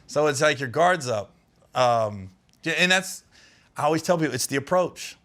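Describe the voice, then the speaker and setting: A man from Ohio guesting on a podcast, telling comic stories with a bright, pushing tone. He talks in a lively, animated way and laughs through his anecdotes in casual chat. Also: on the high side, normal speed. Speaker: comedian guest.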